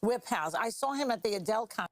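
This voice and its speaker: A woman chats as a talk show guest in an old television clip, joking and stumbling over the first words of her answers. Her voice sits a little high, and the sound is dry. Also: lively intonation, fast talker, no echo. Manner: chatty, stammers, jokey. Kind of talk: interview chat.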